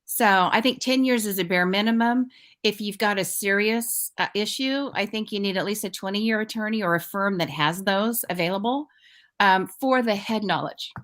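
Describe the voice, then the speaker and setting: A woman's voice: mid-range voice, normal speed, fairly bright tone. Woman guest on a morning talk show, chatty, explains stuff with everyday examples. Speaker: guest financial expert. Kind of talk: casual talk show chat.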